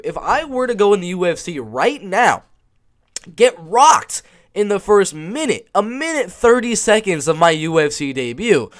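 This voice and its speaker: Guy reacting to a clip, kinda high voice, pitch bouncing all over, trips over his words and repeats stuff. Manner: animated, rambling, stammers and repeats himself. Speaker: YouTube reaction host. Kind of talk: casual reaction commentary.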